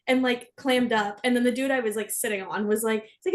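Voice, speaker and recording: A woman's voice: on the high side, fast talker, few pauses. A young woman co-hosting a podcast, telling a candid, self-deprecating story in casual chat. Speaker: podcast co-host.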